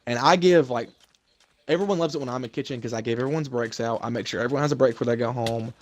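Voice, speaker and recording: A man's voice: mid-range voice, fast, a little hiss or hum. A young man in casual chat, telling a heated, swear-filled story about trouble at his job. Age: young adult. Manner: profane, heated venting. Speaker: storyteller venting about work.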